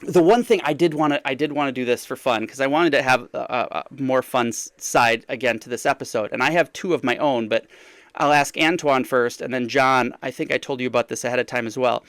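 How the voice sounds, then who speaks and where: A man's voice: mid-range voice, brisk, a bit bright, dry recording. A man hosting a podcast in casual chat, talking in a rambling, hesitant way with many restarts. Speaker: podcast host.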